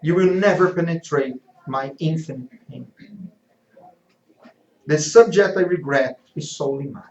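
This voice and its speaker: A man's voice: on the high side, measured pace, voice pushed up. A man playing an anguished, bitter man in despair. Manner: loud, bitter, declamatory. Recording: echoey, slightly dull hall recording.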